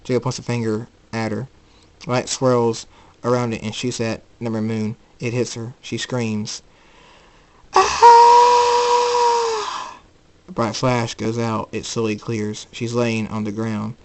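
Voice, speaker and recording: A man's voice: lowish voice, little pitch movement, moderate pace, a little hiss or hum, low-quality recording. A man narrating an amateur storybook, reading plainly and stumbling over words now and then.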